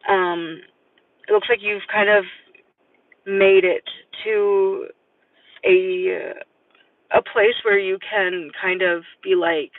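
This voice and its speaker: A man's voice: high voice, fairly even intonation, takes it slowly, long pauses, no room sound. A man giving a live-stream tarot reading, rambling and hesitant with many fillers. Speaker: tarot reader. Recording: distant, tinny phone-like sound.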